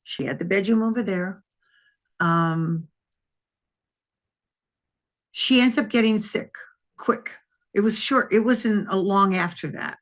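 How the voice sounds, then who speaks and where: A woman's voice: mid-range voice, takes it slowly, long pauses. An older woman from Wisconsin, a retired detective, telling a long personal story in an interview and acting out the voices of the people in it. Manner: lively anecdotal telling, acts out quoted voices.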